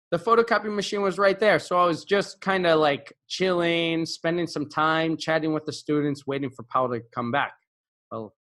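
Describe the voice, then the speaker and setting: Animated man telling a classroom story. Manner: animated, acts out quotes with pitch jumps; frequent fillers and self-corrections. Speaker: English teacher. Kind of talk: casual spoken storytelling.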